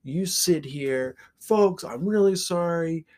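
A man's voice: a little high, slow, a little mellow, pitched above the performer's own voice. A man voicing a stern, by-the-book older male bus driver who speaks curtly and formally without humor. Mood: stern, firm.

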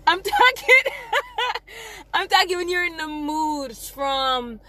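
A woman's voice: sits high, slow. Chatty young Jamaican woman, rambling. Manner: rambling, animated, self-correcting, laughs at herself. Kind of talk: casual personal storytelling.

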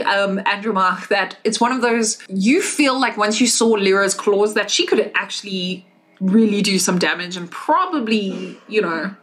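A woman narrating a tabletop game as game master, animated and playful. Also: medium pitch.

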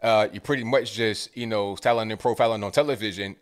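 A man's voice: fairly low pitch, brisk. A man co-hosting a casual political chat, laid-back and agreeable, often repeating his words as he starts a sentence. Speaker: co-host.

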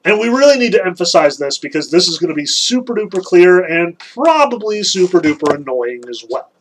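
A man giving a casual spoken lecture on poetry, animated and stressing key words, with casual fillers. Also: high voice, brisk, a little hiss or hum, low-quality recording. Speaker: lecturer on Homer.

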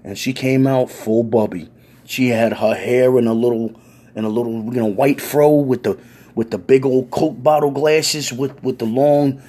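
Husky man telling a profane story. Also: medium pitch, steady tone, moderate pace, mellow. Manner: profane, wry, conversational. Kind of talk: casual spoken storytelling.

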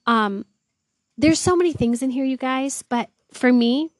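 A woman's voice: high voice, measured pace, no room sound. A woman reading Bible verses aloud and retelling them in casual, slangy words, earnest and awed, as host of a devotional series. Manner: reads scripture aloud, then retells it in chatty slang; earnest, awed, often exclaims "wow".

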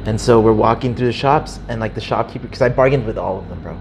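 A young man casually telling a story, animated and swearing freely, acting out the people in it. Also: mid-range voice, fast talker, slight background noise. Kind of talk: casual chat.

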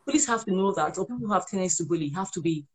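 A woman's voice: lowish voice, expressive, very fast, slightly rough. A woman who is a parent and author, giving earnest parenting advice in a conversational way and often repeating herself as she explains. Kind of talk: conversational advice on a live show.

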